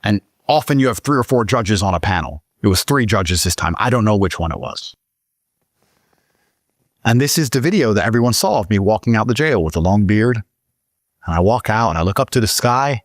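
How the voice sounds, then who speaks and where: A man from Britain, a podcast guest telling a story in casual conversation, swearing often and pushing his voice up high when he gets worked up. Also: a little fast, no room sound, clean studio sound. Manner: profane, emphatic, voice climbs high when excited.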